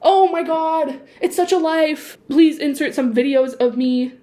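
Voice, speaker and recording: Her voice sits high and unhurried as this young woman films a casual sit-down vlog indoors, seated and recording on a built-in laptop mic. She alternates quiet reflection with excited outbursts, breaking into bits of song between sentences.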